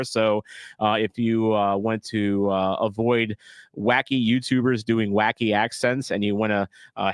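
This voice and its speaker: A man's voice: mid-range voice, fairly bright tone, no echo. A man hosting his fan channel, talking frankly and profanely in casual reaction chat, rambling and restarting his sentences. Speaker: channel host.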